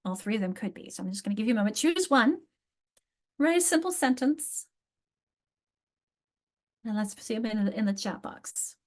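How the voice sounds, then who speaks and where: A woman's voice: fairly high pitch, expressive, normal speed, long pauses. A woman presenting an online literacy training over a video call, explaining with frequent restarts and emphatic examples.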